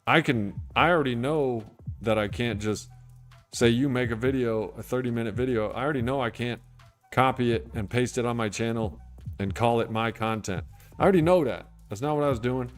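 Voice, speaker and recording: On his livestream about sobriety, this male host keeps things relaxed and rambling while he responds to viewers' comments. He speaks at a moderate pace in a mid-range voice, with faint music in the background.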